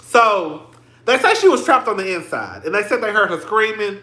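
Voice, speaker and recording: A man with a high, bright voice talks through his livestream at an unhurried pace. He is chatty and emotional, addressing his listeners as "girl" and "y'all". The sound rings a little, like a small bare room. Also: animated, echoey room. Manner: emotional, tearing up on stream. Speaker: livestream commentary host. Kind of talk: casual livestream commentary.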